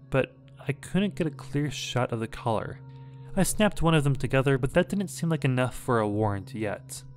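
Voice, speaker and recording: A man reading a scary story aloud in a measured, dramatic way. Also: mid-range voice, a little mellow. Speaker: horror story narrator. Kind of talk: scripted horror story narration.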